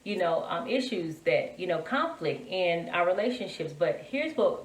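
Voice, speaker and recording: A woman co-hosting a relationship podcast with her husband, animated and encouraging, with many restarts. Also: on the low side, moderate pace. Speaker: podcast co-host. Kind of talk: casual chat between spouses. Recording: roomy echo, distant mic.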